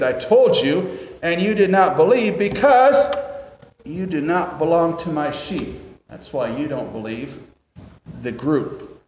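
A man preaching a sermon conversationally, dropping low and quiet to stress a point. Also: animated, measured pace, slight background noise. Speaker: pastor. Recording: echoey hall with long reverb.

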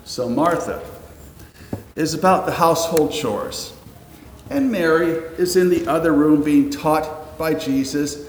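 Man in his fifties, pastor delivering a casual sermon with dry asides; a touch higher-pitched, recorded in a reverberant church sanctuary with faint ambience. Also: lively intonation, measured pace, a little hiss or hum. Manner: conversational, wry asides, rhetorical questions. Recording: roomy echoing hall, faint ambience.

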